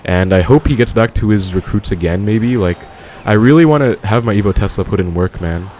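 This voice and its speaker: A man's voice: lowish voice, fairly quick, a little mellow, slight background noise. A man giving casual live commentary on his own game, thinking aloud and talking to viewers as he plays. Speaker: gaming commentator.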